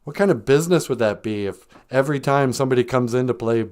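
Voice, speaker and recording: A man hosting a comedy podcast, delivering deadpan jokes and mock infomercial lines with bursts of laughter. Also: mid-range voice, fast, clear, resonant tone. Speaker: podcast host. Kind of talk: joking comedic monologue.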